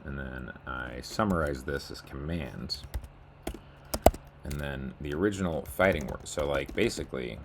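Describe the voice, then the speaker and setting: A man's voice: a bass voice, unhurried, background noise. A man casually rambling through a video blog, muttering to himself, mocking himself, and narrating as he scrolls and clicks. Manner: meandering, self-mocking, mutters while scrolling. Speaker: video blogger. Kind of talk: casual rambling screen-share monologue.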